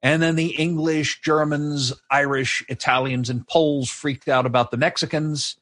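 A man's voice: a little high, fairly even intonation, moderate pace, a bit bright, dry recording. A man co-hosting a history podcast, telling it in a wry, sardonic casual chat. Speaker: podcast co-host. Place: live show.

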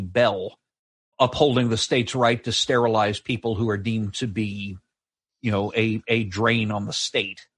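A man's voice: medium pitch, fairly bright tone, breathy edge, no room sound. Man, podcast co-host, sardonic history chat, dry sound. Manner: wry, sardonic storytelling. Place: live show.

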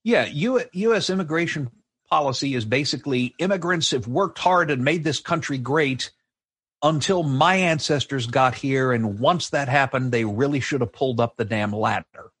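A man's voice: mid-range voice, moderate pace, a bit bright, breathy edge, no echo. A man co-hosting a history podcast, telling it in a wry, sardonic casual chat. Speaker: podcast co-host. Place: live show.

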